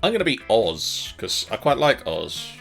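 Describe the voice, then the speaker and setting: A man's voice: medium pitch, wildly swooping pitch, moderate pace, gravelly, fairly bright tone, soft background music. A man co-hosting a casual let's play, chatting hesitantly with many ums and restarts. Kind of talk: casual gaming commentary.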